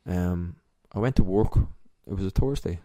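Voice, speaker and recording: A young man with an Irish accent, a podcast guest telling a personal story in a candid, emotional, halting way. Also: low voice, mellow, dry recording, studio quality. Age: young adult.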